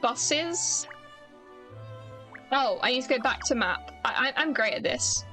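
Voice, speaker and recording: British streamer, high-voiced, rambly and self-mocking, faint game music behind. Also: female voice, animated, slow pace, bright, forceful tone. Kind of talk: casual gameplay commentary.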